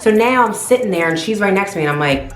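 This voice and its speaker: A woman vlogger casually telling a story in an animated way, swearing freely. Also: mid-range voice, quick pace. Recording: roomy with faint music.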